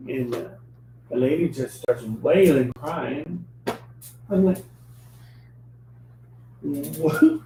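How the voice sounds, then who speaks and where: A man telling personal stories in a casual, animated way, acting out the dialogue and often laughing. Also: mid-range voice, takes it slowly, long pauses, slight background noise. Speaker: spiritual reader on a live show. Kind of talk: casual storytelling. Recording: roomy, distant mic.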